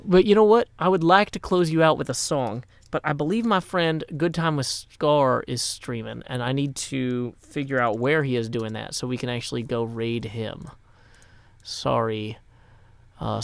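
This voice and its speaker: A man's voice: mid-range voice, vocal fry, no room sound. A man from Nashville, Tennessee, hosting a casual live game stream, playful with rhyming asides, tired after a long day. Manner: playful, rhyming asides and quick number-talk.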